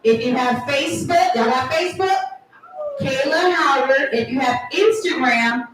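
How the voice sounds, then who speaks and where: A woman's voice: high voice, measured pace, over music. Woman comedian, stand-up set, teasing crowd work, very echoey room, distant mic. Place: live comedy event venue.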